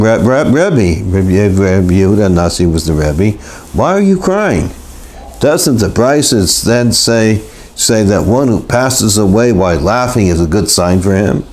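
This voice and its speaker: Male teacher, low-pitched, stop-start delivery with constant restarts, classroom lesson. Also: darkish tone. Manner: halting, repeats words, many restarts. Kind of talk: live Torah class. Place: classroom in Los Angeles.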